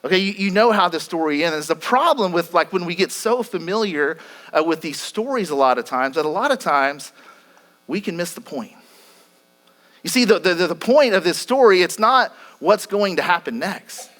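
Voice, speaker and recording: High-voiced preacher retelling a story. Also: male voice, expressive, moderate pace, a bit bright. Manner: earnest storytelling, frequent repetitions and restarts. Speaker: pastor. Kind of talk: sermon.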